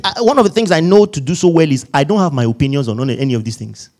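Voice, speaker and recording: A male pastor delivering a humorous, animated sermon to his congregation. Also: a little high, quick pace.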